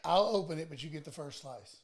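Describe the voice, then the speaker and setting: A man's voice: fairly high pitch, fairly quick, reverberant, crowd noise. A man co-hosting a casual sports talk show, full of dry, teasing banter. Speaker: co-host.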